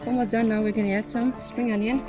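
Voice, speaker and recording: A woman hosting a cooking vlog outdoors on a windy farm, talking through each step in a relaxed, casual way and checking in with "yeah?", recorded on a camera mic. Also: on the high side, fast, music in the background. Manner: relaxed, tags lines with "yeah?". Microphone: camera mic, no external microphone.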